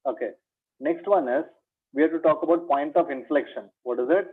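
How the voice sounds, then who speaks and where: A man's voice: on the high side, a little fast, slightly rough. A man giving a maths revision lecture. He repeats each point as a question to his students and calls them "my dear". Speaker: maths teacher. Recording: tinny phone-like lo-fi sound.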